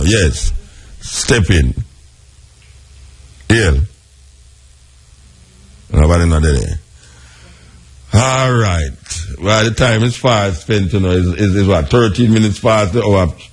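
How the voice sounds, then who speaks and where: A man's voice: lowish voice, lively intonation, slightly rough. A man with a Jamaican accent hosting a call-in radio talk show, talking callers round in a preachy, reassuring way. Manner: preachy, reassuring, drawn-out emphasis.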